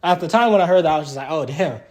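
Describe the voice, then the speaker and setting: High-voiced young man, rambling storytime. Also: animated, very fast, darkish tone. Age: young adult. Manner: rambling, full of fillers like "like" and "literally". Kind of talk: casual spoken storytime.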